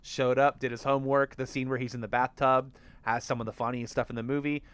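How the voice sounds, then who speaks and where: A man's voice: medium pitch, flat delivery, fast, fairly bright tone, clean tone. A man co-hosting a casual film podcast, chatty and teasing, laughing often as he talks. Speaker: podcast co-host.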